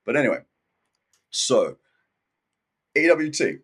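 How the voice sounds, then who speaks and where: Husky-voiced man telling a story casually. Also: mid-range voice, slow pace. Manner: animated storytelling, acting out what others said; casual and slangy, many "like" and "dude" fillers. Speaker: interview guest. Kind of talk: casual podcast conversation.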